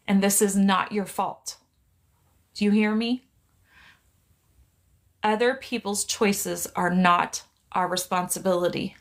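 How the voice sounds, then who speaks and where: A middle-aged woman speaks softly and earnestly into her phone during a live stream, her voice gentle and pleading. She sounds reassuring and steady, at an everyday pitch, as she talks to someone we never hear. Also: slow, pauses often. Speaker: psychic medium live-streaming. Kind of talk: live stream, one side of a conversation.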